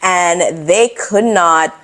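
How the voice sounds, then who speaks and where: A young adult woman vlogger telling a personal story in a casual, expressive, animated way. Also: on the low side, very slow.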